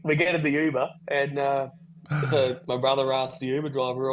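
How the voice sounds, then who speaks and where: A man's voice: medium pitch, level tone, brisk, rough recording. A man telling a rambling travel story on a podcast call, swearing casually. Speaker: podcast guest. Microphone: video call.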